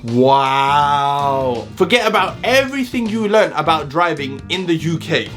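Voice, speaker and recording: Animated British man vlogging. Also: sits high, a little fast, faint music behind. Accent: British, London. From United Kingdom. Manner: animated, joking, talks straight to viewers. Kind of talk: casual vlog monologue.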